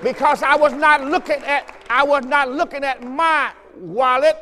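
A man's voice: very high voice, measured pace, bright, forceful tone, long reverb tail, a faint crowd, a little hiss or hum. A man preaching a fervent sermon as pastor, repeating phrases and urging his listeners on. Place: church sanctuary.

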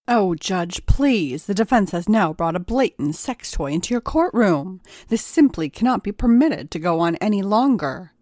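A woman's voice: fairly low pitch, normal speed, few pauses, no room sound, studio quality, lightly acted. Woman doing an indignant, protesting male prosecutor. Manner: protesting, emphatic, formal.

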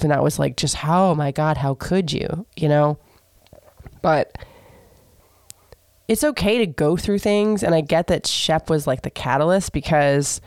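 A young woman with a Southern US accent hosting a casual solo podcast rant, hoarse and stuffy from a cold, blunt and gossipy with lots of fillers. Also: low-pitched, darkish tone, dry recording, studio quality. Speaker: podcast host.

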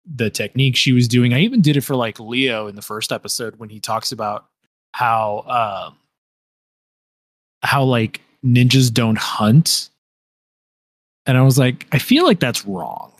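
A man's voice: medium pitch, steady tone, unhurried, long pauses, no echo. A man co-hosting a casual podcast chat, rambling with frequent restarts and fillers. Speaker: podcast co-host.

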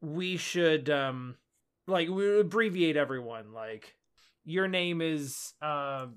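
A man co-hosting a casual podcast, talking in halting starts with wry, joking retellings. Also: fairly high pitch, lively intonation, fairly bright tone, clear, resonant tone. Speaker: podcast co-host. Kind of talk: casual chat.

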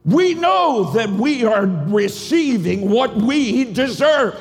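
A male pastor preaching a sermon in a rhythmic, cadenced style that swells into shouts. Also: very high-pitched, big pitch swings, slow, in a large hall, faint music behind. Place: church sanctuary.

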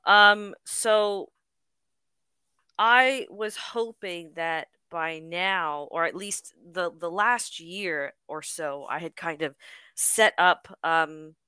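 A young woman co-hosting a podcast, chatting casually in a rambling, halting way and laughing often. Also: low voice, sharp tone, smooth, dry recording. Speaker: podcast co-host. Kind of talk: casual chat.

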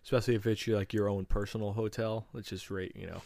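A man with a fairly low voice chats casually as a podcast co-host, often trailing off and hunting for words. The sound is dry and close, with no room around it. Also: flat delivery, fast talker, creaky, a little mellow, no room sound. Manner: rambling, searching for words with many fillers. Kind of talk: casual food chat.

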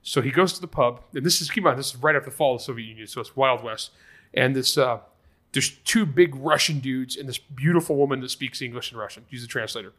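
A man with a bright, mid-pitched voice hosts a podcast. He tells his stories in a lively, casual way. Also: fast talker. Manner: lively storyteller. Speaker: podcast host. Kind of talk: casual anecdote telling.

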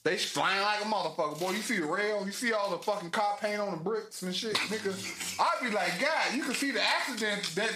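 A man in casual banter with friends, talking loudly and acting out what other people say. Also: high voice, a little fast, roomy sound, noisy background. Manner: loud, animated storyteller who mimics others. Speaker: friend in group chat.

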